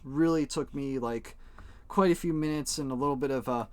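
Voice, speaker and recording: A man's voice: mid-range voice, normal speed, no room sound. A young man streaming, chatting casually to his viewers while coloring flags, rambling, joking and swearing freely. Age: young adult. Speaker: live streamer.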